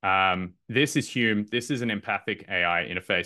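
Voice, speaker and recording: A man's voice: deep voice, moderate pace, hardly any pauses, pushed and bright. A man giving a live online masterclass, talking loosely and upbeat, with lots of fillers and restarts. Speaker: masterclass presenter. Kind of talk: live webinar presentation.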